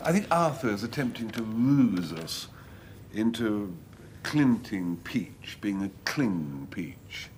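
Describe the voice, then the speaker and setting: A man's voice: fairly low pitch, very animated, slow, a little mellow, slight background noise. A man captaining a panel game team, talking in a hesitant, amused way.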